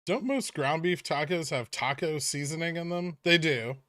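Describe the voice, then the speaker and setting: A man chatting casually on a trading livestream, with a fairly high, bright and forceful voice. He rambles loosely, dropping dry sarcastic jokes and filler words. The sound is close and dry, with no room echo. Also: normal speed. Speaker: streamer host of a stock trading livestream.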